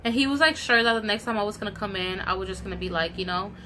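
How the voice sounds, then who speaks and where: Young woman, storytime vlog, bright clear voice, animated and indignant, casual swearing. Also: mid-range voice, fast, slight background noise. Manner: animated, indignant retelling with quoted dialogue. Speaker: vlogger.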